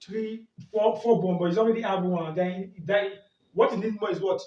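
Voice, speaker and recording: A high-pitched male chemistry tutor runs an exam-prep lesson at a board, posing questions, answering them himself and asking "do you get that?" His tone is steady and warm at normal speed, though he sounds distant from the mic in an echoey room, dull and muffled.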